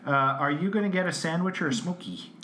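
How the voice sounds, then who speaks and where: A man's voice: fairly high pitch, background noise. A man co-hosting a casual podcast who reads a menu aloud with jokes and frequent laughter. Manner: jokey, laughs often, drawn-out reading. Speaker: podcast co-host.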